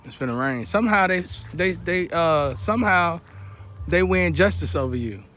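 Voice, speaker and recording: A man's voice: a little high, expressive, moderate pace, fairly bright tone, a little hiss or hum. A man delivering an impassioned, repetitive monologue to the camera outdoors, building to an urgent outcry. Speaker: vlogger. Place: outdoors near a porch.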